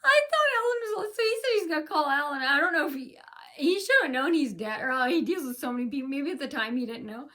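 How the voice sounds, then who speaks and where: A woman's voice: sits high, animated, fast talker, pushed and bright. A woman in a casual complaint vlog, telling her story in an indignant, rambling way with many restarts. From United States. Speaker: vlogger.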